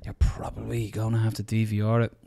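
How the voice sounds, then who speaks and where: A man's voice: fairly low pitch, completely flat delivery, fairly quick, creaky, mellow, slight background noise. A man hosting a podcast, chatting casually and joking as he wraps up the show. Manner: jokey, wraps up with banter. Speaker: podcast host.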